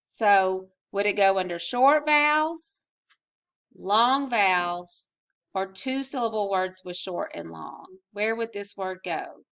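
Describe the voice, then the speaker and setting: Woman teacher, mid-pitched voice, patient phonics lesson. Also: animated, gravelly, a bit bright. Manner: slow, patient, stretching out sounds. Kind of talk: recorded spelling lesson.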